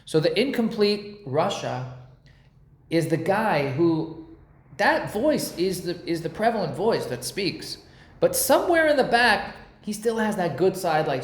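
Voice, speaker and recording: Guy teaching torah, super casual and slangy, kinda high voice, echoey room. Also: measured pace. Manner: animated, slangy, uses pop-culture comparisons.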